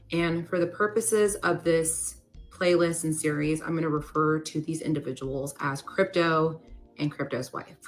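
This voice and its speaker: A young woman with a notably low voice recounts a personal story in a loose, confessional way, leaning on "like" as she goes. Soft music plays faintly in the background. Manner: conversational, many "like" fillers.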